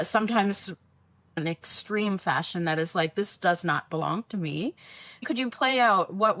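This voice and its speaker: A woman hosting a podcast, her voice set low for a woman. She asks long, winding questions and laughs readily. The recording is dry and close. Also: a bit bright, no echo. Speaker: podcast host. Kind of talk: conversational interview.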